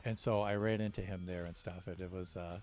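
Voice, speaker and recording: Low-voiced American man chatting to stream viewers. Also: fairly even intonation, fairly quick, a little mellow, soft background music. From United States. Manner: rambling, with many fillers and restarts. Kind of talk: casual chat with stream viewers.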